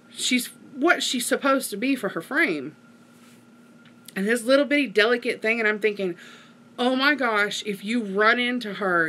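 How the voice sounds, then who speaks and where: A woman's voice: medium pitch, pushed and bright. A middle-aged woman, chatting casually to her viewers and rambling through a story with lots of fillers. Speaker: vlogger.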